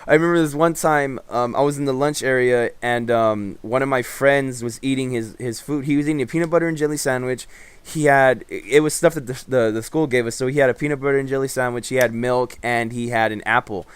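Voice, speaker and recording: A man's voice: medium pitch, fairly quick, clean tone, no echo. A man telling a rambling, profane story in casual gameplay commentary, full of fillers and restarts. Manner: animated storyteller. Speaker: gaming commentator.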